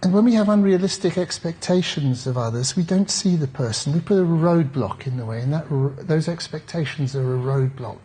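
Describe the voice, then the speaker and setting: A man's voice: on the high side, brisk, hardly any pauses, mellow, breathy edge. A man, a therapist, giving a conference talk in a reflective, conversational way with wry asides to the audience. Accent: British English.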